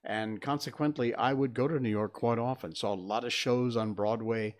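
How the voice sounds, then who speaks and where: An older man from Connecticut talks to his stream audience from a home studio. His voice sits at a middle pitch, and his delivery is loose and chatty. He wanders between topics with plenty of fillers and restarts. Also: fairly even intonation, normal speed. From Connecticut, USA. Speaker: livestream host. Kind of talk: casual solo livestream talk.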